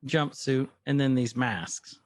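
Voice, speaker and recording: A man's voice: mid-range voice, no echo. A man co-hosting a podcast, chatting casually and rambling as he retells scenes. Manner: rambling, retells scenes with quick quoted lines. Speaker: podcast co-host. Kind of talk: casual chat recapping a TV episode.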